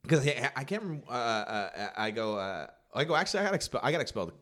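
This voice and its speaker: A man's voice: mid-range voice, big pitch swings, fast talker, a bit bright. A man in his thirties, a stand-up comic co-hosting a podcast, telling a story in casual chat and acting out the quotes with laughter and swearing.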